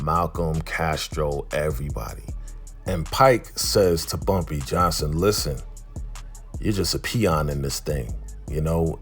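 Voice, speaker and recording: A man casually recapping a TV episode, retelling scenes in a lively way and acting out the characters' lines. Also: low-pitched. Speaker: TV recap host.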